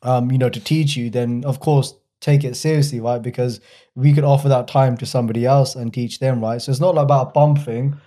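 Man, mellow tone, calm affirming podcast co-host. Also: medium pitch, brisk. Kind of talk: casual chat.

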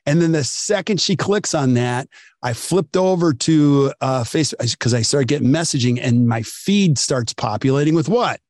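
A man's voice: medium pitch, moderate pace, no room sound, studio quality. A man in his forties hosting a podcast interview, telling stories and acting out what people said. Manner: animated storyteller, acts out quotes. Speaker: podcast host.

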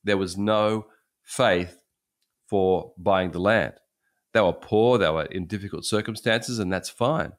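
A low-voiced man in his sixties gives a sermon in an easy, chatty storytelling manner. He often circles back and restarts his phrases, and his deep voice stays unhurried. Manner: conversational, repeats and restarts phrases. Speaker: pastor.

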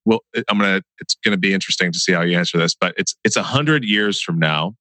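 A man hosting a podcast, asking questions in a halting way with many fillers and restarts. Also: deep voice, sharp tone, no room sound. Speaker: podcast host. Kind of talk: hosted interview and outro.

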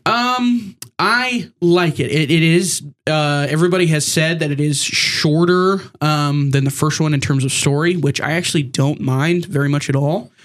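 A man co-hosting a casual gaming podcast, joking around and talking in quick bursts with fillers. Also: fairly high pitch, fairly bright tone. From United States. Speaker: podcast co-host.

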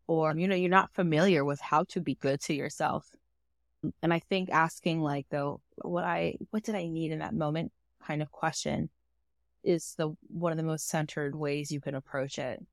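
A woman's voice: low voice, no echo, studio quality. A woman co-hosting a casual podcast chat, reflective and wry, dropping joking asides. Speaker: podcast co-host.

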